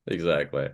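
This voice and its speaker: A man co-hosts a casual podcast and spends much of it reacting to his partner. He drops in short "yeah, yeah" backchannels, and his pitch swings up and down freely. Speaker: podcast co-host. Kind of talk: casual chat.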